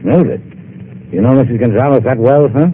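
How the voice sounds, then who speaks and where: An actor playing a tough private eye who talks in dry, sarcastic wisecracks, in 1950s radio drama acting. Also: male voice, medium pitch, moderate pace, husky, lightly acted. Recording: narrow-band old radio broadcast with faint hiss.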